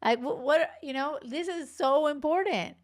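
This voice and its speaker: A woman's voice: high-pitched, normal speed. A woman in her forties hosting a dating podcast as a coach, talking bluntly in a casual monologue, swearing freely and laughing between asides.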